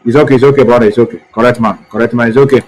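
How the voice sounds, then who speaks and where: Male host, mid-pitched, repeating himself. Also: fairly even intonation, very fast, darkish tone, poor audio. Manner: repetitive, fussing over technical trouble. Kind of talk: live online talk show.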